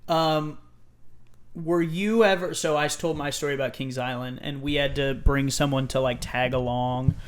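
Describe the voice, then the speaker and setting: A man's voice: medium pitch, steady tone, moderate pace, clear, resonant tone. A man co-hosting a casual podcast in a playful, teasing manner. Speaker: podcast co-host. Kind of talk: casual chat.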